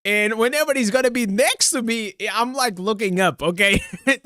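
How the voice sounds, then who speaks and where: Hyped high-pitched male game streamer. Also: moderate pace, bright, forceful tone, no echo, studio quality. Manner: hyped and rambling, full of filler and slang. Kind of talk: excited live-stream reaction.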